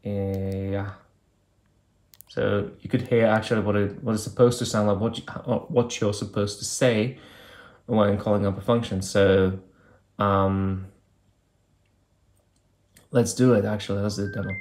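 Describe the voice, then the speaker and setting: A man's voice: on the low side, level tone, a little slow, pauses often, a little mellow. A man reviewing an old phone, talking casually and thinking aloud with hesitant fillers as he clicks through menus. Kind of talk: casual hands-on product demo.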